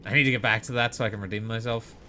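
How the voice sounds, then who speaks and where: Sarcastic man streaming a game, bright voice. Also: lowish voice, fairly even intonation, racing, slight background noise. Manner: sarcastic, self-mocking, dramatic outbursts. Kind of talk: live gaming commentary.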